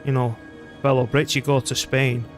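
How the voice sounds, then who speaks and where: A man's voice: mid-range voice, level tone, moderate pace. British guy rambling over his game stream, easygoing mid voice, bit of music behind. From Britain. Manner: rambling, chatty, self-deprecating. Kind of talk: casual gameplay commentary.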